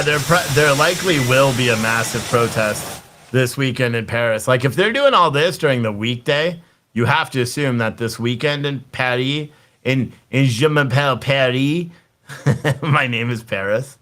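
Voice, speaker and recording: Male live-stream host, mid-pitched voice, loose, rambling, self-amused commentary with lots of restarts. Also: a bit bright. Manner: rambling, thinking aloud, restarts mid-sentence; jokey, laughs at his own jokes. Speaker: livestream host.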